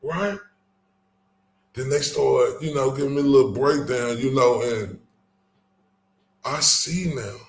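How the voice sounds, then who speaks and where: A man's voice: mid-range voice, measured pace, creaky, pauses often, darkish tone, reverberant. A man hosting his own channel, giving heated, profane commentary with angry emphasis and frequent stumbling restarts.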